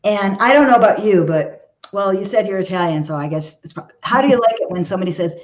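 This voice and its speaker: Woman, relationship expert guest, earnest, repeats herself, checks in with "okay?", middling pitch, slightly muffled audio. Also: animated, fast talker, hardly any pauses. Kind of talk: conversational interview advice.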